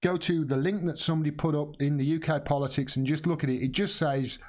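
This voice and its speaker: A man's voice: a little high, fairly even intonation, fast talker, hardly any pauses, darkish tone. Blunt, rambling British man commentating live. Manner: rambling, many restarts and fillers, blunt swearing. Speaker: political commentary host.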